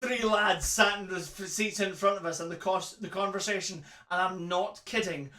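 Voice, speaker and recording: A man's voice: high-pitched, moderate pace, pushed and bright, distant mic. A man co-hosting a comic live reading of a novel, playful and laughing between passages. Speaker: co-host reading a novel aloud. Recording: roomy echo.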